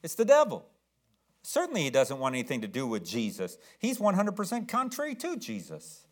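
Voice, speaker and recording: A man's voice: fairly high pitch, huge pitch swings, brisk. A man preaching a sermon as pastor, emphatic, repeating words and asking the congregation questions.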